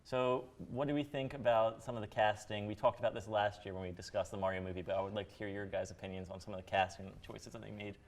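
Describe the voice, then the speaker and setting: A man with a lowish voice hosts a relaxed panel discussion. He keeps the talk moving with a friendly, steady manner. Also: fast, hardly any pauses. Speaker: host. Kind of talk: casual panel chat.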